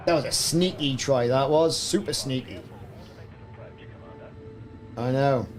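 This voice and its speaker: A man's voice: medium pitch, slow pace, pauses often. A man with a Welsh accent hosting a casual gaming livestream, chatting and joking with mock sports commentary asides. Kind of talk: casual live-stream chat.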